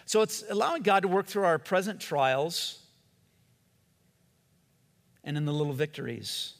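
A middle-aged man preaching a sermon in a conversational, animated way, often restarting his sentences. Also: fairly high pitch, measured pace, creaky, in a large hall. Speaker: pastor.

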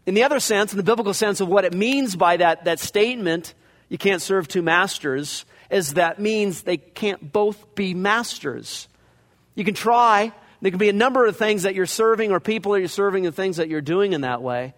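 A high-voiced male pastor preaches at a moderate pace, taking the text verse by verse in a conversational expository sermon and acting out passages in character. A large hall's long reverb fills the recording.

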